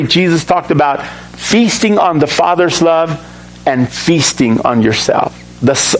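A man preaching a sermon in a voice pitched a little above the usual for a man. He keeps asking the congregation questions and acts out the characters in the scripture as he reads. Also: poor audio. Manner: acts out the Bible characters' lines with feeling. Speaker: pastor.

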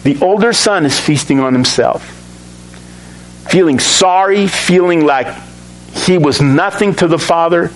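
A man's voice: fairly high pitch, measured pace, a little hiss or hum, low-quality recording. A man preaching a sermon to his church and asking the congregation questions. He acts out the lines of the Bible characters as he reads them. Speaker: pastor.

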